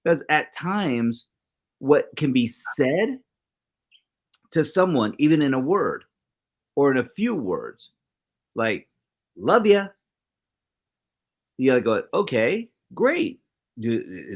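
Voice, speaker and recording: A man's voice: takes it slowly, long pauses. A middle-aged man co-hosting a casual talk show, telling stories and acting out the quoted lines. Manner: animated storyteller, acts out quoted exchanges with big pitch jumps. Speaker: co-host.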